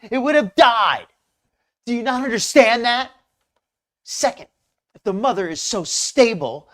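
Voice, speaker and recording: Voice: mid-range voice, voice pushed up, natural voice. A host putting on the voice of an indignant, defiant woman, reading a post aloud in an overly dramatic way. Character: indignant, defiant woman firing back at critics.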